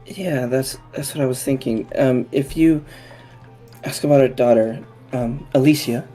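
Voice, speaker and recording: A man runs a tabletop game, playing characters and narrating in a hesitant way. His voice is dark and mellow. Faint music plays behind him. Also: medium pitch, steady tone, measured pace. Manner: hesitant, lots of ums. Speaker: game master.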